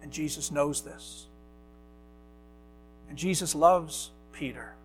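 A man preaching a sermon as a pastor, earnest, sometimes dropping to a soft hush. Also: fairly high pitch, slow, faint music behind.

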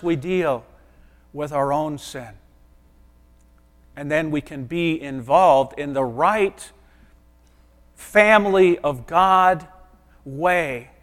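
A man with a notably high voice preaches a sermon, speaking earnestly and conversationally rather than thundering. He often softens into quiet asides. His words ring out with the long, lingering reverb of a large sanctuary. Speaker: pastor.

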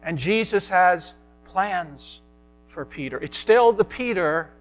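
A man preaching a sermon as a pastor, earnest, sometimes dropping to a soft hush. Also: high voice, lively intonation, slow, faint music behind.

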